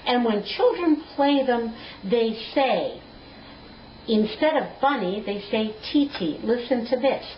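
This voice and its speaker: A woman music teacher, giving a slow, patient, clearly spoken lesson. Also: fairly high pitch, animated, a little hiss or hum. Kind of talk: recorded classroom lesson. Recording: echoey, dull lo-fi room recording.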